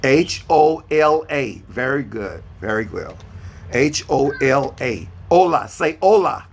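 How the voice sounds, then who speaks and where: A man's voice: mid-range voice, big pitch swings, slow, vocal fry, slight background noise. A man teaching a beginner Spanish lesson over a video call, patiently repeating each question and spelling words out letter by letter. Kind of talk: online beginner language lesson.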